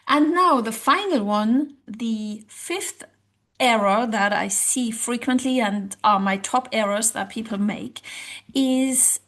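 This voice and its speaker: Woman, higher voice, direct and encouraging language coach, talk to camera. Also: slow pace, fairly bright tone. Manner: explanatory, with rhetorical questions and many "kind of" fillers.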